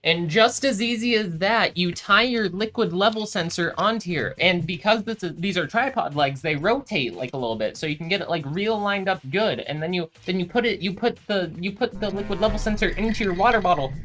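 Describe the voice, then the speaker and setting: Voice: medium pitch, a little fast, few pauses, fairly bright tone, faint music behind. A young adult hosting a home build vlog, rambling and swearing a lot while mocking themself. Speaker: maker video host. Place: home room with candles.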